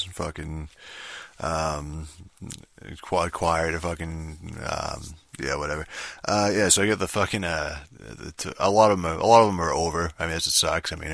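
A man's voice: low-pitched, bright, forceful tone, dry recording, studio quality. A young man talking casually about games in a rambling, profane monologue full of filler words. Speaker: gaming vlogger.

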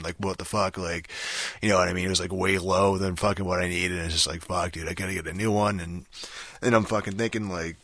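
A man's voice: deep voice, pushed and bright, dry recording. A young man in a rambling casual rant, swearing constantly and filling gaps with "like" and "you know.". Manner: rambling, profane, many fillers.

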